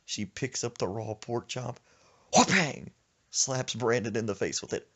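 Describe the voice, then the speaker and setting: A man telling a comic story on a podcast, animated, with casual slang and sound effects. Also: medium pitch, measured pace, slightly rough. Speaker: comedian storyteller.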